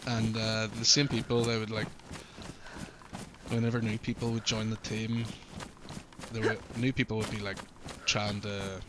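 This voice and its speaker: A man's voice: lowish voice, monotone, moderate pace, long pauses. A man with an Irish accent, a streamer chatting casually, rambling with lots of fillers and swearing freely. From Ireland. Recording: noticeable background noise.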